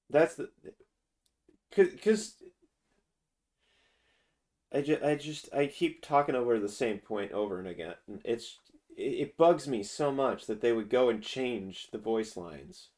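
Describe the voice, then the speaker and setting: Male streamer, casual profane rant, slow drawl, mid pitch. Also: expressive, darkish tone. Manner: drawling and profane, with frequent restarts. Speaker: streamer reacting to a game trailer.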